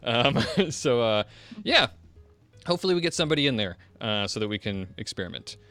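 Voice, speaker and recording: A man's voice: mid-range voice, big pitch swings, brisk, bright, forceful tone, no echo, faint music behind. A man hosting a podcast in casual chat, rambling and self-deprecating, with many fillers and laughs. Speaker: podcast host.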